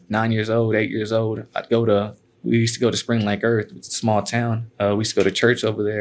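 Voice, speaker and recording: A man guest telling stories in a laid-back, casual way, filling his talk with "man" and cuss words. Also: on the low side. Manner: laid-back, peppers speech with "man" and cussing. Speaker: guest, MMA fighter. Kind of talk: casual storytelling.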